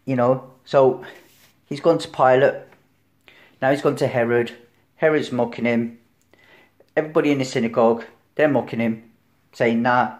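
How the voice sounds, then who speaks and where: Man, informal preacher, conversational, asks "right?" often, acts out voices, loud bursts then quiet low lines, middle pitch. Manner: conversational, keeps asking "right?", acts out crowd and Pilate. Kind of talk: informal sermon.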